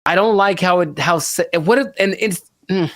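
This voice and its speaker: A man co-hosting a casual podcast, rambling and animated with frequent laughter. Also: high-pitched, moderate pace, no room sound, clean studio sound. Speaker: podcast co-host.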